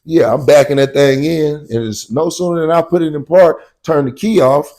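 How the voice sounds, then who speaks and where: His voice a little high and his speed normal, a man casually shares a personal story full of slang. "You know what I'm saying" comes up often, and he loudly acts out shouted quotes.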